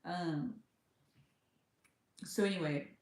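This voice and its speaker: A woman's voice: fairly low pitch, drawn-out words. Chatty American woman in an echoey room. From United States. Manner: chatty, animated retelling with quoted voices. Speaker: vlogger. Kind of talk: casual storytelling vlog.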